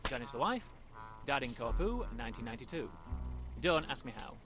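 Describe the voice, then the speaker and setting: A chatty middle-aged townsman in a cartoon game. He rattles off his news quickly and matter-of-factly, his voice high and lively. Loud game music plays behind him. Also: gravelly. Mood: gossipy. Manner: fast, animated and comically matter-of-fact.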